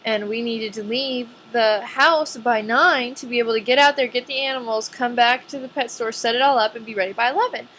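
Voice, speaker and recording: Young woman vlogger, nineteen, casual and chatty, bright tone, light background noise. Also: on the high side, fairly even intonation, fairly quick, hardly any pauses. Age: young adult. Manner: chatty, says "like" a lot. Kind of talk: casual chat to camera.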